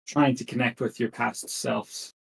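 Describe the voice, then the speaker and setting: Slow, deliberate male game master. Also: mid-range voice, steady tone, gravelly, poor audio. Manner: slow, deliberate scene-setting. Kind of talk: narrating a tabletop game.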